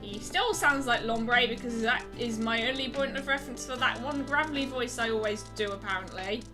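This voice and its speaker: A woman's voice: a little high, fairly quick. A woman hosting a let's play, giving chatty, wry commentary that nitpicks the game, with game music behind. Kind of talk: gameplay commentary.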